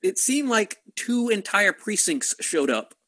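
A man's voice: high-pitched, big pitch swings, measured pace, fairly bright tone. A man co-hosting a casual movie podcast, making exasperated, sarcastic complaints. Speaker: podcast co-host. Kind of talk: casual movie-review chat.

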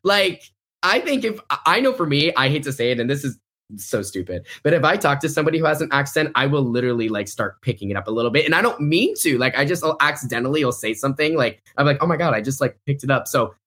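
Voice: medium pitch, expressive, quick pace, a bit bright. A podcast host in casual pop-culture chat, talking in a chatty way, filling the talk with "like" and laughing often.

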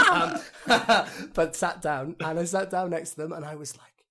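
A Welsh man, an actor guest, chatting casually on a podcast, rambling and animated, laughing often. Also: fairly high pitch, measured pace. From Wales.

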